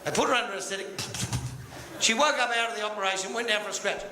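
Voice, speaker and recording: A man rattles off bawdy jokes in a high, bright voice. The sound is a roomy hall with a long echo. Loud noise runs underneath it. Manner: bawdy, crude, rapid-fire punchlines. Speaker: comedian. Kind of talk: stand-up joke telling.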